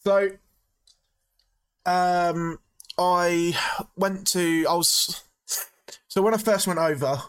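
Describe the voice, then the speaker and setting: Dry, relaxed man, somewhat high. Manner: relaxed, hesitant with fillers, dry reactions. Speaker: podcast co-host. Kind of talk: casual chat, storytelling.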